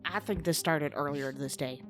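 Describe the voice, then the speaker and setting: Deep-voiced woman at a tabletop game, umms while she remembers stuff, music playing behind. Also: moderate pace. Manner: thinks aloud with fillers while recalling details. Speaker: player. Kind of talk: tabletop role-play chat.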